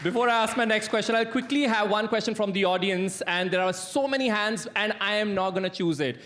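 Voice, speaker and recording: A woman's voice: medium pitch, brisk, fairly bright tone. A woman hosting a live on-stage interview, upbeat and cheering the crowd on. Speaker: interview host.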